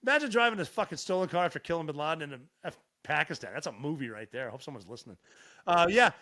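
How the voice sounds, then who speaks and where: Middle-aged guy from montana, rapid-fire swearing stories, slightly high voice. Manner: profane, animated storyteller. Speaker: podcast guest. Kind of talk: casual storytelling.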